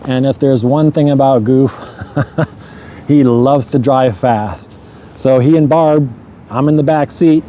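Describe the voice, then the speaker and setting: Recounting something that really happened to him, a man speaks casually, laughing at his own blunders and tripping over his words in his hurry. His voice is medium-pitched and warm, with slight background noise.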